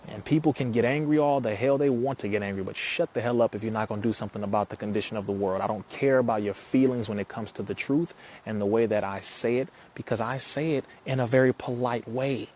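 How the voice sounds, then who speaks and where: A man's voice: medium pitch, fast, darkish tone, a little hiss or hum. A man talking to viewers on a live stream, reading their comments and answering them, preachy and emphatic, repeating his points. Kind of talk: casual live stream talk.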